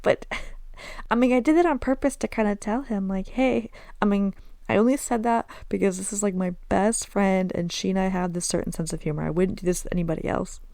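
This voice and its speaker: A woman's voice: mid-range voice, brisk, creaky, dark tone, no room sound. A woman with a Southern American accent talking candidly and self-deprecatingly on her own podcast, slipping in Arabic phrases. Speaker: podcast host. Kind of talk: casual solo podcast storytelling.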